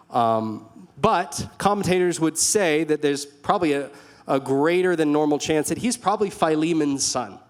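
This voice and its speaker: A young man preaching a sermon in a church hall, earnest and conversational, with storytelling asides. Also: a little high. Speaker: pastor.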